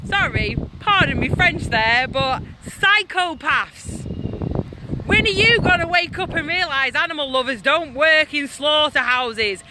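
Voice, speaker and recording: A woman's voice: high-pitched, expressive, normal speed, few pauses. A woman ranting in an indignant, emphatic vlog, repeating her points with anger. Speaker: animal rights vlogger. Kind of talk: angry vlog rant. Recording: faint street noise behind.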